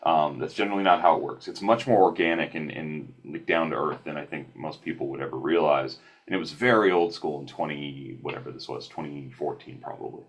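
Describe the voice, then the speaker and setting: A man guest on a podcast, telling stories casually over a remote call, animated and self-deprecating with frequent restarts. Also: rumbling low, fairly quick, few pauses, slightly rough.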